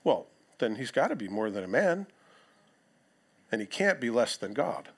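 A man preaching a sermon in church, reading scripture aloud with lively emphasis and casual asides. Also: mid-range voice, moderate pace, breathy edge. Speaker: pastor.

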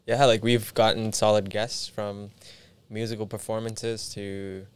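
A man's voice: fairly low pitch, flat delivery, a little slow, clean tone. A young man co-hosting a podcast in a studio, chatting easily and joking back and forth. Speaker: podcast co-host. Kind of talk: casual chat.

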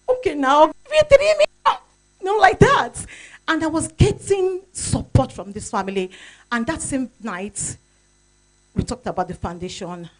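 A woman's voice: medium pitch, darkish tone, rough recording. A woman with a Nigerian accent giving a tribute speech at an event, telling stories with animation and acting out the voices of others. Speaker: tribute speaker. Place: event hall.

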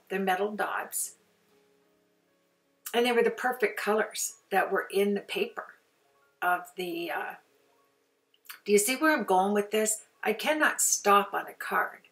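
A woman's voice: medium pitch, a bit bright, far from the mic. An older woman chatting casually through a card-making tutorial, rambling and sometimes dropping to a near-whisper.

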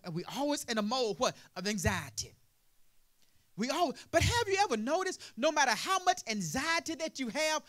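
A very high-pitched man preaches as a pastor, tossing "what?" prompts to the congregation and building up to loud, emphatic passages.

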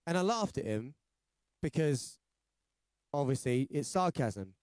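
Unhurried and expressive, this man's medium-pitched, slightly mellow voice carries a London English accent. A singer-songwriter from London, England, he hosts a casual livestream of chat and storytelling that's rambling, jokey, and full of restarts. The studio sound is clean with no echo.

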